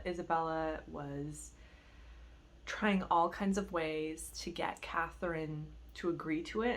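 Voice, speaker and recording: A woman vlogger chatting casually about what she is reading, gushing and chatty, with lots of "like". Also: lowish voice. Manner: gushing, chatty, heavy use of "like". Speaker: book vlogger. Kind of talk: casual reading vlog chat.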